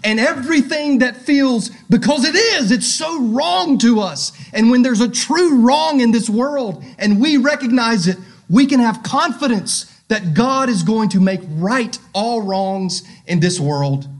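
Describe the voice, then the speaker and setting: A man preaching a sermon as pastor, reading scripture aloud and asking his listeners direct questions, swinging between loud emphasis and hushed tones. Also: extremely high pitch, animated, unhurried, hardly any pauses.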